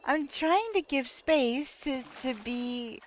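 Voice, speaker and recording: High-voiced woman, giggly game streamer. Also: lively intonation, slow pace, a little hiss or hum. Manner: laughs often, incredulous exclamations. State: laughing to tears. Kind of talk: casual live-stream chat while playing.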